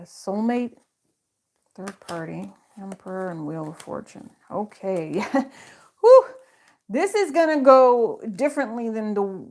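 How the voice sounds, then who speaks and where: A woman's voice: mid-range voice, darkish tone. A woman giving a casual tarot reading straight to her viewers in a chatty, slangy way. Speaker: tarot reader.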